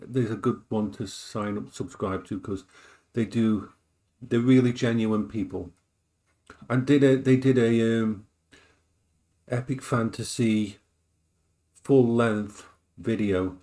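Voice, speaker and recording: A man's voice: fairly low pitch, fairly even intonation, slow pace, pauses often, warm tone. A man streaming live while he cooks, chatting casually, rambling and repeating himself as he moves around the kitchen.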